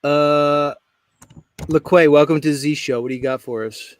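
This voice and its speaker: A man's voice: fairly high pitch, fairly even intonation, normal speed, clean tone. A man hosting a live stream show, talking in a brash, joking, rambling way. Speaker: host. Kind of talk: casual live stream chat.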